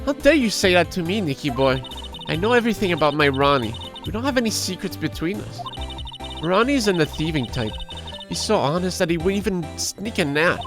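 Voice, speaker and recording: A melodramatic, doting middle-aged wife, as a man puts her on reading game dialogue, her voice swinging high and low with feeling. Game music plays underneath the whole time. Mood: indignant. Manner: gushing, melodramatic.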